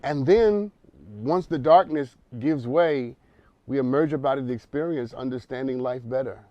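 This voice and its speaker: A man's voice: medium pitch, normal speed, dry recording, muffled recording. A man hosting a counseling talk show, speaking emphatically in a preacherly way and repeating words as he builds a point.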